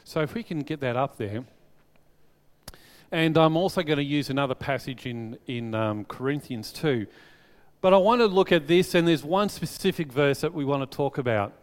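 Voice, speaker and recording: Man preaching a sermon, casual and lively storyteller, fairly high voice, church hall reverb. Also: moderate pace. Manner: chatty and animated, telling stories to the congregation. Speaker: pastor. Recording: long reverb of a large hall.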